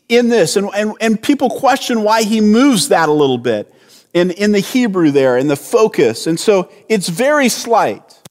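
Man, pastor, slow earnest sermon, fairly high voice, long church reverb. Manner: slow, earnest preaching with frequent restarts.

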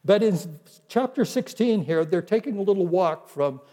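A man with a high, mellow voice preaches a teaching sermon. He slows and softens when he quotes scripture. A long reverb hangs behind him. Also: lively intonation. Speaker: pastor.

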